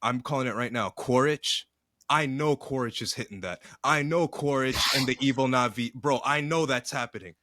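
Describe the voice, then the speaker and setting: A man co-hosting a podcast in casual chat, animated and slangy, rambling through his takes. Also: mid-range voice, normal speed, dry recording, studio quality. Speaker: podcast co-host. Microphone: podcast mic.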